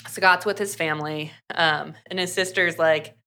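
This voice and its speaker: A woman with a fairly low but bright, edged voice tells a book's story in loose conversation. She keeps slipping into quick acted lines for the characters between fillers. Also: fairly even intonation. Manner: chatty, fast recap full of "like" and acted quotes. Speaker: podcast co-host. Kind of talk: casual book recap.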